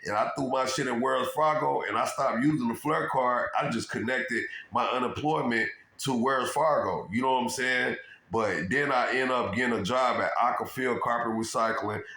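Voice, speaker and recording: A man telling his own story in a rambling, profane, animated monologue and repeating "you know what I'm saying". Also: mid-range voice, normal speed. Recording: roomy echo.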